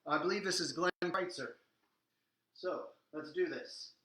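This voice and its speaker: A man's voice: fairly high pitch, measured pace, pushed and bright, roomy sound, poor audio. A man teaching a live online dance lesson, coaching and counting out beats while he dances, a little out of breath. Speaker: swing dance instructor.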